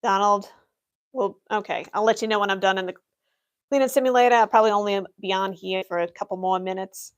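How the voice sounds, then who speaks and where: Fast and fairly even in intonation, this medium-pitched young adult woman stays in character as an Imperial office worker during a livestream Q&A, responding to chat with dry humor delivered matter-of-factly.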